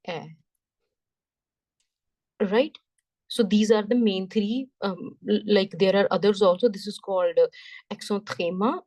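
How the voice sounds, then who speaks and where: A woman teaching French, explaining slowly step by step, often repeating herself and checking in with "right?". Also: medium pitch, a little mellow, dry recording. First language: Punjabi. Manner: slow, repetitive, checks understanding with "right?". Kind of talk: classroom lesson explanation.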